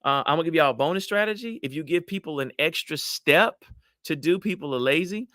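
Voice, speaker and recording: Animated man giving advice. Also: on the high side, fairly quick, no room sound, clean studio sound. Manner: animated, acts out quoted voices, addresses audience as y'all. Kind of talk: motivational talk to a live audience.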